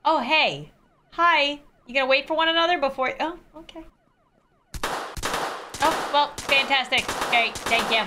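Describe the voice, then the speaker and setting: A young adult woman giving let's play commentary, excitable, yelping and chatting to the characters in her game. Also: high-pitched, normal speed, a little hiss or hum. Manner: excitable, yelps and laughs, chats to game characters. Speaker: gaming video creator.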